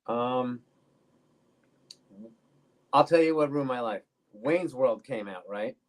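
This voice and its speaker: A man in his forties, a bass player guest on a podcast, telling laid-back stories full of swearing. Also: slow. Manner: laid-back, swears freely, animated anecdotes. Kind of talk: casual storytelling interview. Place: podcast studio.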